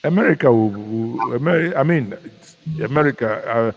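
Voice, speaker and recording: A man from Nigeria with a Nigerian accent, chatting as a guest commentator in a casual live discussion, musing and halting with many restarts. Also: mid-range voice, animated, gravelly, soft background music, rough recording. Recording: faint background noise.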